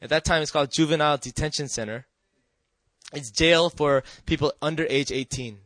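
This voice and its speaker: Guy telling his life story to a crowd, kinda high voice, dry close sound, keeps asking "right?". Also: fairly quick, no echo. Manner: earnest and emotional, drops soft and quiet at tender moments. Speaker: speaker sharing a personal testimony. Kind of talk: personal testimony to a live audience.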